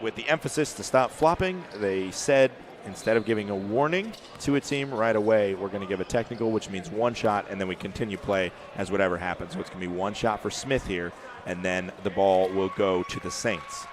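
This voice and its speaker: A man doing play-by-play commentary for a basketball game, rising to shouts on big plays, with faint court noise behind him. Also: lowish voice, a little fast. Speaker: play-by-play announcer. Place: arena broadcast booth.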